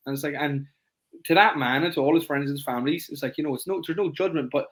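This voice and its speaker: A man coaching through a casual podcast chat, his speech racing along at a brisk clip. His voice sits a touch higher than most men's. He pushes his points hard and fills the gaps with "it's like" over and over. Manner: rapid, emphatic, repeats "it's like" constantly; acts out clients in high voices. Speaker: fitness coach and podcast host.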